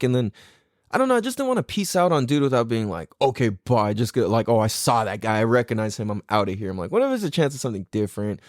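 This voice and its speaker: A young man hosting a podcast, telling a story in a casual, profane, animated way with frequent laughter and acted-out inner thoughts. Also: medium pitch, moderate pace, no echo, clean studio sound. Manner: animated, profane, laughing often, acts out his own thoughts. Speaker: podcast host.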